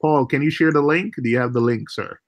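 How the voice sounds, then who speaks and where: A man hosting a relaxed livestream chat with friends, talking at an ordinary middle pitch. He laughs often and leaves sentences half-finished before starting over. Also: a little fast. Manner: chatty, laughs easily, trails off and restarts. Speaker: livestream host. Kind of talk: casual group chat on a livestream.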